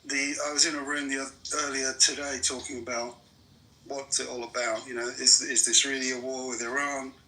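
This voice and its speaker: A man's voice: mid-range voice, level tone, moderate pace, bright, forceful tone, low-quality recording. A man in a heated political argument, furious and swearing constantly as he rants. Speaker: debate participant.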